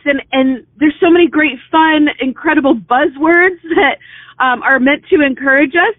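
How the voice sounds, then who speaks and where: Earnest high-voiced woman on a thin, dry line. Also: no echo. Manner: earnest, encouraging, conversational with frequent fillers. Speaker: business mentor speaking to consultants. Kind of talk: motivational talk. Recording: thin phone-like sound, dry.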